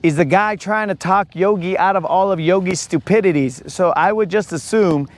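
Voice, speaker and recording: A man's voice: sits high, normal speed. A man chatting casually and teasing his brother while fishing from a boat on a lake. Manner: teasing, joking banter. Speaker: fishing vlogger. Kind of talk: casual live-stream chat.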